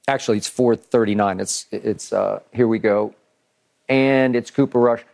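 A man's voice: lowish voice, moderate pace, vocal fry. A man hosting a sports debate show, recounting plays emphatically with frequent restarts. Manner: animated, restarts often, emphatic play-by-play recounting.

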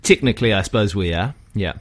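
Deep-voiced New Zealand man, chatty. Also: quick pace. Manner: relaxed, chatty, frequent fillers and restarts. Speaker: guest, physical therapist. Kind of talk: casual podcast conversation.

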